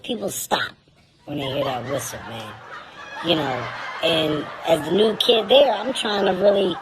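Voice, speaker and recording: A man telling a comic story in a profane, animated way, laughing through his lines. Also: on the high side, a little slow, a crowd in the background. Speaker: comedian.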